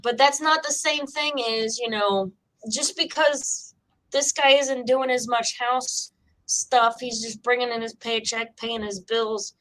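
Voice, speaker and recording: A woman's voice: fairly high pitch, steady tone, a little slow, fairly bright tone, poor audio. A woman with a cough co-hosting a casual chat, rambling with lots of "like" and "you know". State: sick with a cough. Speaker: psychic co-host.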